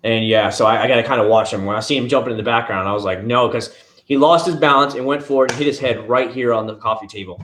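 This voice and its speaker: A man chats casually on a live stream from his living room at home. He rambles from point to point and answers his viewers as he goes. His voice sits in a plain middle pitch. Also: quick pace, a bit bright. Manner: rambling, chatty, answering chat.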